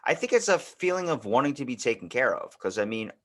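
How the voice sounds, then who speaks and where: A man's voice: medium pitch, sing-song, fast talker, fairly bright tone. A man in a casual podcast conversation, telling loose, profane stories and acting out the quotes.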